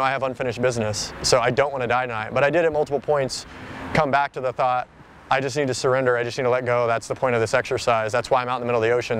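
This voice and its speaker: A man's voice: medium pitch, fairly bright tone, slight background noise. A man being interviewed outdoors, telling a personal story in a rambling, casual way, full of "like" and "you know".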